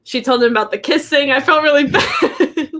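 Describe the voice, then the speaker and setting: A woman's voice: high-pitched, normal speed, a bit bright. A woman co-hosting a podcast in casual chat, laughing often and gushing with lots of "like.". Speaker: podcast co-host.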